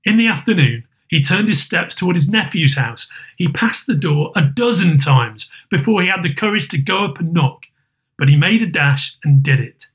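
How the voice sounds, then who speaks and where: Male reader for a classic tale, slightly higher voice, expressive delivery. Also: normal speed. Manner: expressive, varied pacing. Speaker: narrator. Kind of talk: dramatic storybook reading.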